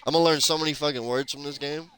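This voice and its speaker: A man's voice: on the high side, steady tone, very fast, a bit bright. A man giving loose, casual gameplay commentary, laughing often and swearing freely. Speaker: gameplay streamer. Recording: noisy background under the voice.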